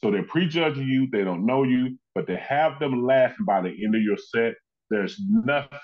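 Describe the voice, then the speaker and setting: A man telling stories with lively energy, slipping into other people's voices as he recounts them. His pitch sits in an ordinary middle range. The recording is slightly dull and lo-fi. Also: moderate pace. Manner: animated, acts out quoted people in his stories. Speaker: comedian and actor, guest. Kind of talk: conversational storytelling in an interview.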